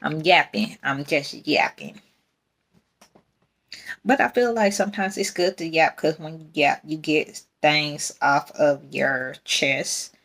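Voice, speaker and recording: A woman's voice: sits low, takes it slowly, fairly bright tone. A young adult woman, hosting a casual faith podcast in a rambling, candid way and laughing often. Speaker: podcast host.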